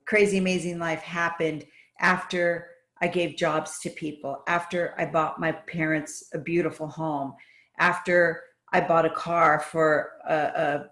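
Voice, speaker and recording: A woman's voice: deep voice, a bit bright. A woman guest on a podcast, telling her stories with enthusiasm in a casual, run-on way. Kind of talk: casual interview storytelling.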